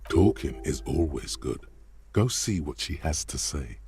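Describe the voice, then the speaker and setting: An actor playing a brooding, ominous male game narrator with a gravelly, husky voice and measured delivery. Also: extremely low pitch, sing-song, warm tone, heavily acted. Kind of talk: video game voice acting.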